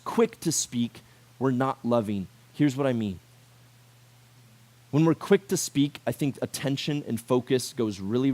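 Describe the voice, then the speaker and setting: Speaking to high schoolers, a male youth pastor keeps his sermon casual and lively, talking conversationally with plenty of rhetorical questions and fillers.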